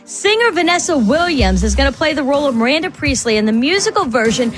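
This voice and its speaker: A woman hosting a morning radio quiz show, brisk and playful, quick to laugh. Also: high-pitched, sing-song, soft background music.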